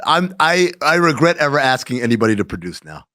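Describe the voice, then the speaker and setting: A man co-hosting a casual sports chat, animated and sarcastic, ranting as he goes. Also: mid-range voice, quick pace, no echo, studio quality. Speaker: co-host.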